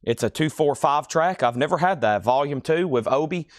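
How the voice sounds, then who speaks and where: A man's voice: fairly high pitch, lively intonation, moderate pace, no echo, clean studio sound. A man hosting a live record sale in a record store, chatting casually as he rattles off album titles, prices and buyers' names. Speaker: host selling records on a live stream. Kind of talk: casual live sales patter.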